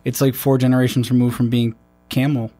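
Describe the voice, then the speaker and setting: A man's voice: medium pitch, little pitch movement, a little fast, dark tone, no room sound. A man, a military veteran, talking in a loose, rambling way with many restarts and fillers. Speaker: podcast host. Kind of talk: casual conversation.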